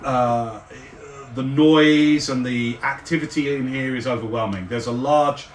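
A man narrating as game master, describing the scene at length with frequent fillers and pauses. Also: mid-range voice, a little hiss or hum. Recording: roomy, distant mic.

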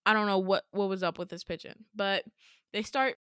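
A woman hosting a podcast, telling a story in a loose, chatty way with plenty of swearing and lively asides. Her voice sits at an ordinary middle pitch. The recording is close and dry. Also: measured pace, smooth, dry recording. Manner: chatty, profane, animated retelling. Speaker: podcast host. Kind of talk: casual storytelling.

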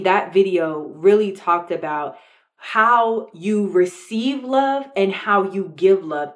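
A young adult woman co-hosting a podcast in frank, casual chat, speaking literally and calling listeners "y'all". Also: medium pitch. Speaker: podcast co-host with her husband.

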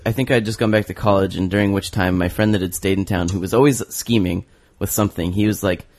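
Relaxed low-voiced man telling a story. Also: fast talker. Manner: relaxed storyteller with many fillers and restarts. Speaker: podcast co-host. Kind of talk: casual chat.

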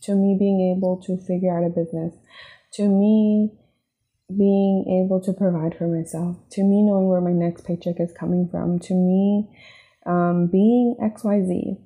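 A woman speaks slowly in a very dark, mellow voice, looking back on her personal struggles. Her tone stays flat and even, and she fills her sentences with "like" and "right?". She sounds emotional, close to tears. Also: on the low side. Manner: confessional, many fillers like "like" and "right?". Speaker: podcast host. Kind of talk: reflective personal monologue.

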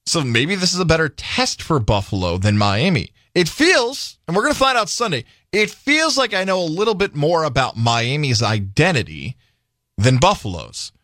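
A man's voice: a little high, big pitch swings, normal speed, fairly bright tone, dry recording, studio quality. A man co-hosting a sports radio show, playful and jokey, breaking down upcoming games in casual chat. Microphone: studio microphone.

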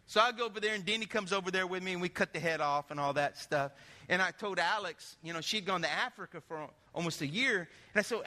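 A man preaching a sermon as pastor, telling lively stories and putting questions to the congregation. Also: sits high, fast, long reverb tail. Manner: animated storytelling, asks the congregation questions.

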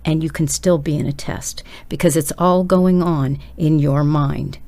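A female preacher delivers a sermon in a low, gravelly voice with a dark, mellow tone. She speaks unhurriedly with fairly even intonation, urgently and emphatically pressing each point on her listeners.

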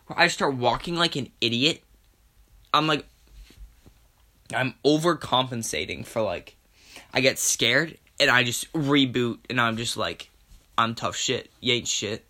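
Bright and forceful in a mid-range voice, this young podcast host goes it alone with a casual, rambling monologue. He's profane and self-mocking throughout.

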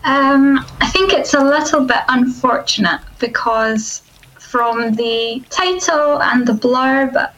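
Slightly high-voiced woman giving a critique. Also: slow, fairly bright tone, rough recording. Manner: thoughtful, with hesitant fillers. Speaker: guest reviewer. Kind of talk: casual spoken critique.

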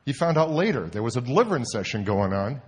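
A man preaching a sermon, telling a story in an animated way and swinging from hushed to loud. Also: medium pitch, fast, slightly rough. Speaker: pastor.

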